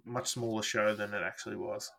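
A man co-hosting a music podcast, talking in a relaxed, easygoing way. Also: lowish voice, brisk, vocal fry. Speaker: podcast co-host. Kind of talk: casual chat.

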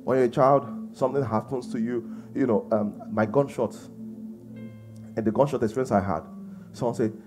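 A man's voice: medium pitch, fairly even intonation, moderate pace, over music. A man preaching a sermon, emphatic and full of rhetorical questions. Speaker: pastor.

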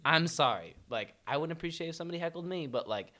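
Lively, bright young man telling stories. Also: on the high side, quick pace. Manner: lively storytelling, laughs through lines. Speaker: folk musician, podcast co-host. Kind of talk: casual chat.

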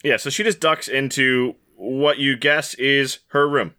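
A man's voice: mid-range voice, measured pace, sharp tone, smooth. A man narrating as game master in a loose, joking way with many fillers.

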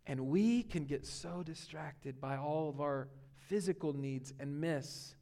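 A pastor preaching a sermon, earnest and emphatic, dropping to a hush for key points. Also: male voice, fairly high pitch, slow pace. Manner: earnest preaching, swinging between emphatic and hushed. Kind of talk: sermon on a Bible passage.

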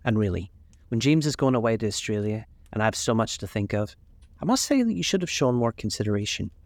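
A man's voice: on the low side, sing-song, fast talker, darkish tone, dry recording. A man voicing a faded older actress and mother with a fussy, theatrical manner. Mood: fretful.

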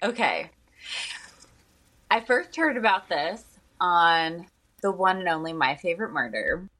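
Lively, chatty woman podcast host. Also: fairly low pitch, a little slow. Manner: chatty, lots of fillers. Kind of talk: casual chat.

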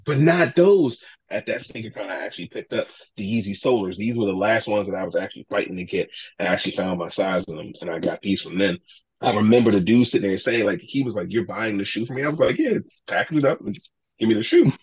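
Man, husky, low voice, animated storyteller acting out quotes, dull dry sound. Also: fast talker, no echo. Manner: animated, acts out quotes, swears freely. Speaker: podcast guest, sneaker collector. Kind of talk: casual storytelling.

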